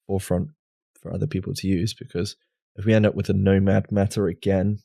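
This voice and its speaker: A man co-hosting a gaming podcast in a loose, rambling chat. His voice sits on the low side. The sound is close and dry, with no room around it. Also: little pitch movement, fairly quick, gravelly, warm tone, no echo. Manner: rambling, restarts, filler words. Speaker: podcast co-host. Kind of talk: casual chat over drinks.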